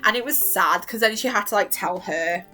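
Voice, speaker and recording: A young woman rambling excitedly as a vlogger, gushing and emotional, dropping into a soft voice to quote characters and breaking into squeals. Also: mid-range voice, moderate pace, soft background music. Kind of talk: excited fan rambling about a TV series.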